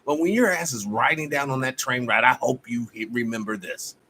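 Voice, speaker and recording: A man hosting a live stream, giving a fiery, profane, preacher-like monologue that swings between loud outbursts and low muttering. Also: a little fast, slight background noise.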